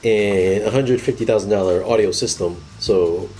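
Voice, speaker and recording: A man's voice: on the low side, moderate pace, mellow. A man co-hosting a casual chat, reading out audience questions in a joking, playful way.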